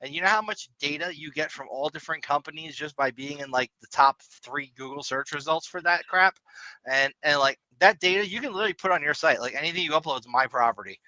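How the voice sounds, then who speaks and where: A man with a bright, ringing voice pitched a little high, co-hosting a casual tech podcast. He rambles in long, animated runs and laughs often. The sound is dry and close. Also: fast talker, no echo, low-quality recording. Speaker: podcast co-host.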